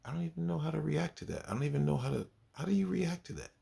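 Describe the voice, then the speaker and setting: A man's voice: on the high side, rapid-fire, creaky. A man, a kindergarten teacher, telling stories from his class in a casual vlog and acting out his pupils. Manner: animated, acts out his pupils.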